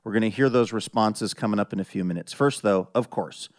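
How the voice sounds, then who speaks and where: A man's voice: lowish voice, fairly quick. A man hosting a public radio show, bantering with his announcer and reading ads. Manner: upbeat, bantering.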